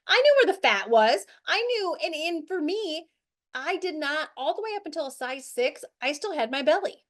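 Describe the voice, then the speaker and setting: A middle-aged woman with a high voice leads a motivational group talk as the host of a weight-loss show. She speaks in an animated, chatty way, full of "like" and "right?" as she checks in with her listeners. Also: moderate pace.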